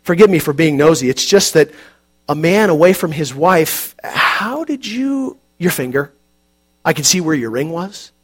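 A man's voice: on the high side, lively intonation, measured pace, breathy edge. A man voicing a blunt, folksy older church maintenance man with a Midwestern accent in an audiobook. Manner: folksy, blunt, hard of hearing. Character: spunky old male church maintenance man. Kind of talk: audiobook narration.

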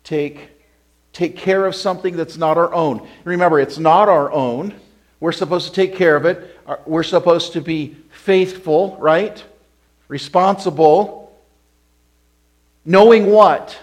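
A pastor preaching a sermon to his congregation, asking them questions and repeating key words for emphasis, moving between a hushed retelling and loud, forceful exhortation. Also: on the high side, measured pace.

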